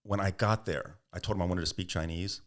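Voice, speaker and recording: A man's voice: low voice, fairly quick. A middle-aged man, a podcast guest, telling long stories in an interview and acting out the people in them. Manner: animated anecdotes, acts out quoted voices, laughs. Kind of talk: storytelling interview answers.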